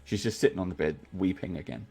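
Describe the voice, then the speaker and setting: A man's voice: deep voice, fast, vocal fry, darkish tone, breathy edge. A man narrating a tabletop game as game master, describing scenes with hesitant fillers.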